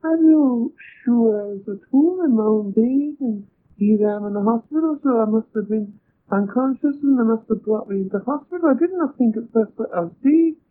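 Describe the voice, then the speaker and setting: An older woman with a Scottish accent, gently recounting a personal story in a wondering, quietly emotional way. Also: on the high side, moderate pace. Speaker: interviewee. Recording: tinny lo-fi tape with faint hiss.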